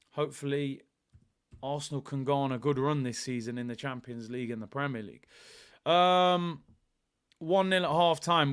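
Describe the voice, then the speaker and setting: A man hosting a live football watchalong, chatting casually and shouting out viewers. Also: mid-range voice, clean tone. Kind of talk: live football chat reading viewer comments.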